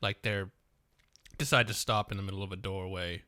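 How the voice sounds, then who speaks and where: A man's voice: deep voice, steady tone, moderate pace, sharp tone, no room sound, studio quality. A man co-hosting a podcast, ranting profanely in casual chat and often breaking into laughter. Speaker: podcast co-host.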